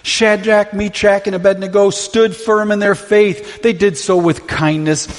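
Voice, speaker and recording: A man's voice: sits high, fairly even intonation, measured pace. A man preaching a sermon from a church sanctuary, impassioned and full of rhetorical questions. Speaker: pastor. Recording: long reverb of a large hall.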